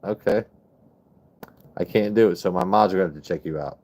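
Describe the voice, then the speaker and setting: Talking a little fast in a low, somewhat dark voice, a livestream host casually rambles to his viewers and curses freely. Slight background noise can be heard.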